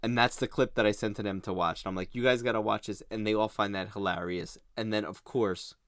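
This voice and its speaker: A man's voice: on the low side, fairly quick, dry recording, studio quality. A man hosting a podcast in casual chat, eagerly retelling favorite jokes. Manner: enthusiastic, animated retelling of jokes. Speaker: podcast host.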